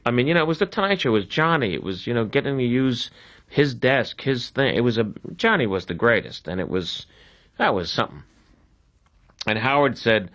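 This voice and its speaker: A man tells a comic story with lots of expressive rise and fall in his voice. He laughs often and acts out the other characters as he goes. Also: mid-range voice, fairly quick. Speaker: comedian telling a story. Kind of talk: animated anecdote.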